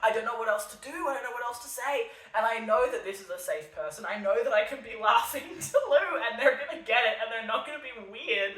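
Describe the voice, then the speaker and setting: Sardonic woman, bright and roomy. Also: fairly high pitch, fast talker, few pauses, distant mic. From Australia. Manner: sardonic, darkly self-mocking. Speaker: podcast host. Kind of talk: solo monologue podcast addressed to an absent listener. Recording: roomy sound from off the mic.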